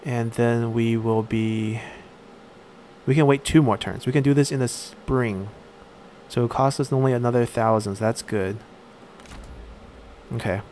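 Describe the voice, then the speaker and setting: A man's voice: medium pitch, fairly even intonation, a little mellow, slight background noise. Man thinking aloud over gameplay. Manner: thinks aloud, halting with frequent "uh". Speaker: let's play commentator. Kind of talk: casual gameplay commentary.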